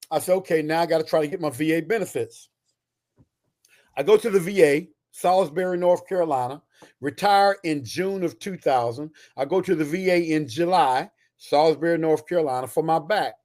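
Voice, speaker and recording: A man's voice: on the high side, darkish tone. A man in his sixties, a retired soldier and author, telling stories with emphatic energy. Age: 60s. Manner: emphatic, fast-talking storyteller. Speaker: guest, retired Army Ranger and author. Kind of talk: animated storytelling.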